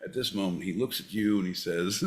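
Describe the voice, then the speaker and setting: A man's voice: low-pitched, a little fast. A man hosting a podcast, announcing and joking in a profane, showman style. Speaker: podcast host. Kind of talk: rowdy comedic podcast banter.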